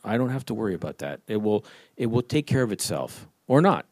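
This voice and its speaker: A man's voice: on the low side, big pitch swings, fairly quick. A man who creates comedy shows tells wry, rambling stories during an audience Q&A at a live panel event. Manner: wry, rambling storyteller who slips into voices.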